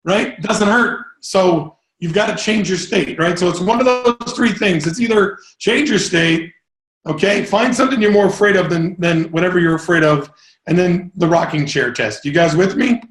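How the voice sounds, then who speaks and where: An energetic male sales coach talks to a live group in a rambling way, now and then breaking into loud whoops. His voice sits fairly high for a man. The sound bounces around an echoey room. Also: normal speed.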